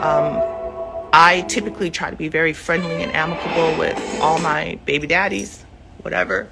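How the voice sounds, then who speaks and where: A middle-aged mother speaking emotionally and heatedly to camera from her living room, rambling with many fillers. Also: on the low side. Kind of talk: emotional direct-to-camera statement. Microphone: self-recorded camera video.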